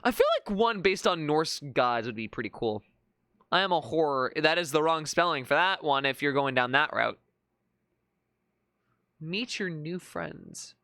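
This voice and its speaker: A streamer chatting through a live session, the tone bright and up-front. The voice rises and falls with lively swings. The delivery is relaxed and unscripted, with frequent stammered restarts. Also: medium pitch, normal speed, clear, resonant tone, no echo, studio quality. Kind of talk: casual live-stream commentary.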